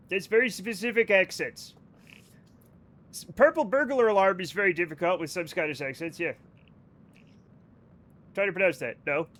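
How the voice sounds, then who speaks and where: A man streaming a game live, talking in a high voice with a bright, forceful edge. He rambles and jokes loosely, swearing freely as he chats to his viewers. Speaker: livestreaming gamer. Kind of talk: casual live-stream chat.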